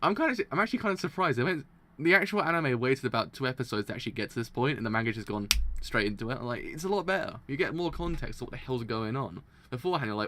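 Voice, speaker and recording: A man reading a manga aloud for a live reaction, often tripping over words and restarting, excitable and quick to laugh. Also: mid-range voice, slight background noise.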